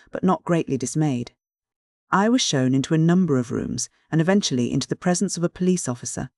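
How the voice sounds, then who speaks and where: A narrator reading a classic novel in a steady, measured audiobook style. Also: medium pitch, no room sound, studio quality.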